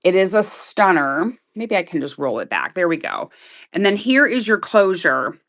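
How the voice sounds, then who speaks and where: A woman selling jewelry on a live stream in loud, excitable, chatty talk that keeps breaking into laughs. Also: on the low side, moderate pace. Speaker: live online jewelry seller. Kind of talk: casual live-sale chat.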